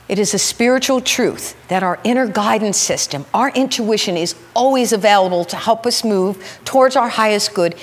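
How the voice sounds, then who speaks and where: A woman preaches in a storytelling sermon, her fairly high voice jumping up as she acts out the people in her tales. The sound rings out in a hall with a long reverb tail. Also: moderate pace, few pauses. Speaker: minister. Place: spiritual center sanctuary.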